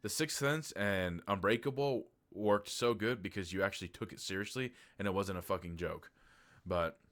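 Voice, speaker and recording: A man's voice: on the low side, moderate pace, fairly bright tone. A man giving a casual, rambling movie review, candid and loose, with lots of filler words and the odd swear.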